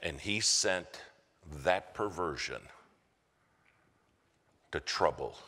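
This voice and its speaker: A man's voice: low voice, animated, very slow, pushed and bright. An American man preaching a sermon, telling a story and acting out the voices of the people in it. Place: church sanctuary. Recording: church hall reverb.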